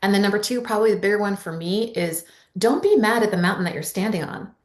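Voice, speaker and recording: A woman's voice: medium pitch, animated, quick pace, reverberant. A woman speaking earnestly and encouragingly in a casual spiritual discussion, with emphatic asides. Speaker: channel, co-host.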